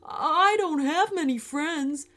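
A bashful young donkey stammers through his words in a children's storybook, as a woman puts him on. His voice sits high and swings widely, spoken slowly with soft music behind. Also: sing-song, full character voice. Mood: shy. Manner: stammers shyly. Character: shy, friendly young male donkey.

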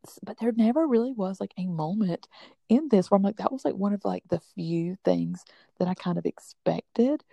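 A woman co-hosting a book podcast in casual chat, chatty and quick to laugh, with lots of fillers. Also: medium pitch, expressive, vocal fry, dark tone, dry recording. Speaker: podcast co-host.

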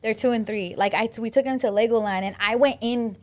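A woman's voice: a little high, brisk. A woman co-hosting a podcast, talking candidly in casual chat with swearing and restarts. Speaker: podcast co-host.

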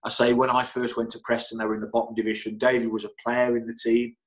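A middle-aged man, a football physio, telling anecdotes in an interview with lively energy, often stammering and repeating words. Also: medium pitch, fast talker, rough recording. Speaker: football club physio, guest.

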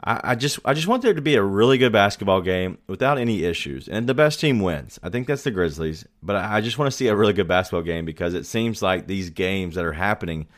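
A man co-hosting a casual sports podcast, talking in a relaxed, rambling way with many fillers. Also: fairly low pitch, quick pace, hardly any pauses. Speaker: podcast co-host.

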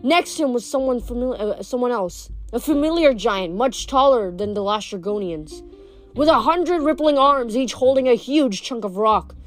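A woman's voice: on the high side, moderate pace, soft background music. Woman reading a novel aloud. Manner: steady reading with small slips and self-corrections. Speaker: reader.

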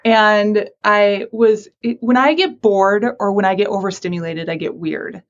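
A woman's voice: mid-range voice, steady tone, measured pace, lo-fi sound. A woman counselor for teens, chatting casually in an interview, self-deprecating and laughing often. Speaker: mental health counselor for teens.

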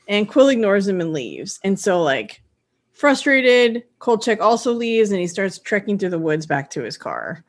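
A woman with a mid-range voice co-hosts a podcast, retelling a TV episode scene by scene. She keeps a steady storytelling flow, broken by wry remarks and brief laughs. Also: medium pitch. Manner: narrates plot steadily, with quick laughs and wry comments. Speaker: podcast co-host. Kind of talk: casual chat recapping a TV episode.

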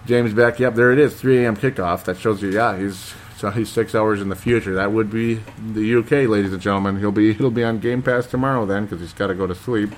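The sports talk show host speaks a little fast in a fairly low voice, with fairly even intonation and hardly any pauses. He reads listener comments and chats casually, rambling and hesitating with many fillers.

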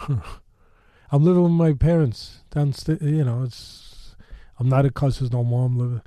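A man's voice: medium pitch, fairly even intonation, unhurried, dark tone, no echo. A man telling a story in a loose, rambling way, full of fillers and restarts, with blunt street-tough talk. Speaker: storytelling guest. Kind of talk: casual spoken storytelling.

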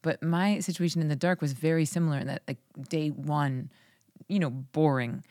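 A woman's voice: deep voice, steady tone, normal speed, a little mellow, no room sound, clean studio sound. A woman hosting a podcast, chatting casually with her guest in an enthusiastic, affirming way. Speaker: podcast host. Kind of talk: casual interview chat.

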